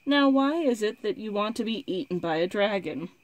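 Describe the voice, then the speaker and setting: A woman's voice: mid-range voice, animated, normal speed, dry recording, natural voice. Woman reader plays a small, snappish storybook frog, blunt and no-nonsense. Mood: brisk. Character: sharp-tongued small green frog.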